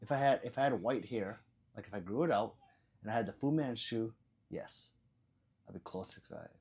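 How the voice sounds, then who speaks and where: A man's voice: fairly low pitch, a little fast, vocal fry, husky. Profane rambling man hosting a livestream. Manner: profane, rambling, stammers and repeats words; loud swings between shouting and muttering. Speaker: livestream host. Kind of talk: livestream chat reading.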